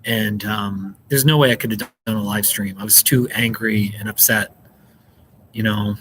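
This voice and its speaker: A man's voice: lowish voice, steady tone, moderate pace, fairly bright tone, slight background noise, poor audio. An American man hosting a casual live stream, chatting and reacting to viewer comments with frequent laughs. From United States. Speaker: livestream host. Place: indoors, seated at a table.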